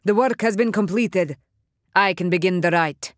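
A narrator voicing a scheming male cult leader who shouts commands through a rebreather. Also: medium pitch, moderate pace, dry recording, clean studio sound, voice pushed up, natural voice. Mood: commanding.

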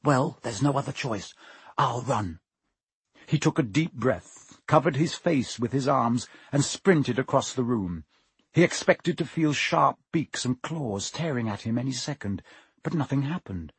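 A man narrating an audiobook with expressive, dramatic pacing. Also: mid-range voice, a little slow, breathy edge, no echo. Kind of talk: audiobook reading.

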